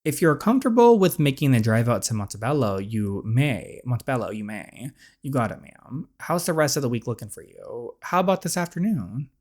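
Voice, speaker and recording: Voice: mid-range voice, animated, a little fast, hardly any pauses, a little mellow, close to an everyday voice. A reader doing a polite woman on the phone.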